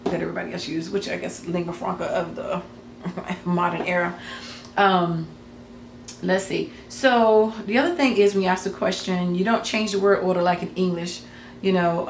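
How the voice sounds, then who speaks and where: Woman, hesitant and rambling, low-pitched, gravelly. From United States. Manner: rambling, hesitant, many ums and self-corrections. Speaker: craft channel host. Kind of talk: casual explanation to camera. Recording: echoey room with faint noise.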